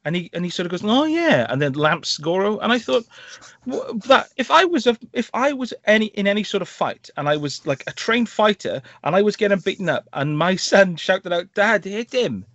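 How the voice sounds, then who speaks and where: Animated man reviewing films. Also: high voice, a little fast, few pauses, no echo, dull audio. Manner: animated, rambling, sarcastic asides. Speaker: podcast co-host. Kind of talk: casual film review chat.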